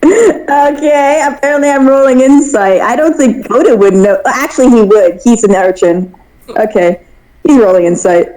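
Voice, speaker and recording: Mellow-voiced, giggly woman player. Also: on the high side, moderate pace, poor audio. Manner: giggly, chatty. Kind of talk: tabletop game play.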